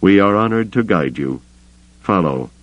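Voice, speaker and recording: A man's voice: low-pitched, expressive, moderate pace, no echo, voice pushed up, low-quality recording. A man voicing a formal male alien escort pilot with clipped, ceremonial speech.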